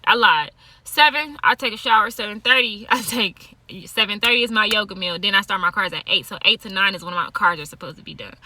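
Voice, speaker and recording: Woman vlogger, tarot and yoga type; blunt, profane, laughs a lot; bright, fairly high voice. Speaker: tarot card reader and yoga teacher. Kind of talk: casual monologue to camera.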